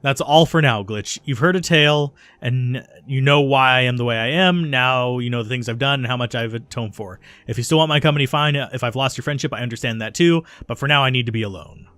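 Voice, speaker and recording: Guy reading the lines of a guilt-ridden ex-cultist girl from a game, brisk and dry. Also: medium pitch, no room sound, lightly acted. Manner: steady confessional reading with small slips. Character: remorseful young woman, former cultist turned runner. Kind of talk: reading game dialogue aloud.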